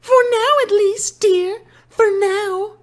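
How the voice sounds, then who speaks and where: A man voicing a haughty, prim young British tank girl with an English accent and a posh, whiny falsetto. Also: steady tone, takes it slowly. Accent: put-on English. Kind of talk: voicing a game character.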